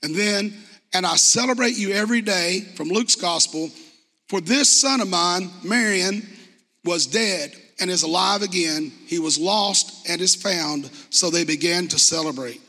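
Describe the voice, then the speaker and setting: Earnest high-voiced man in a reverberant church. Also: unhurried, bright, forceful tone. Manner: earnest, conversational, reads scripture aloud. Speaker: church speaker giving testimony. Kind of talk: sermon testimony. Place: church hall.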